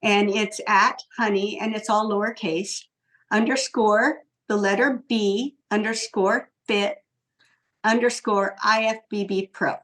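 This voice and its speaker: A woman's voice: mid-range voice, fairly even intonation, a little slow, fairly bright tone, low-quality recording. A woman in her sixties, a podcast guest talking earnestly in casual conversation, with many ums and restarts. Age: 60s.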